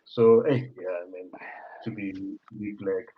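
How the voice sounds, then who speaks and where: A man's voice: on the low side, measured pace. A South African man, a host in his thirties, telling stories animatedly in casual conversation. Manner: animated storyteller, mixes in local words. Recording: muffled lo-fi sound.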